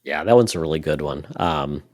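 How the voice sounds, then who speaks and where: A man's voice: a bass voice, fairly quick, a little mellow, no echo, studio quality. A man co-hosting a gaming podcast, chatting casually and reading a sponsor spot. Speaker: podcast co-host.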